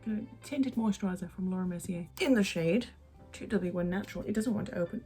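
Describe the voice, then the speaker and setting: A woman's voice: mid-range voice, brisk, mellow, soft background music. A young woman from England chatting through her makeup routine at home, rambling off-topic with self-mocking asides and half-whispered bits. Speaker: beauty vlogger. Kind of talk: chatty get-ready-with-me makeup talk.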